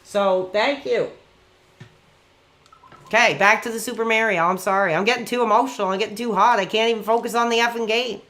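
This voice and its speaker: A man in his forties talks casually to his stream audience while gaming. His voice sits fairly high and rings bright and forceful. He rambles and gets worked up easily. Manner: excitable, rambling, quick to get worked up. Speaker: live streamer.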